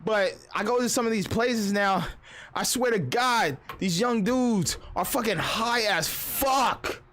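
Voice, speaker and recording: Male streamer, high voice, swearing through a casual rambling rant. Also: a little slow, slight background noise. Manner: profane, rambling, storytelling with animated asides.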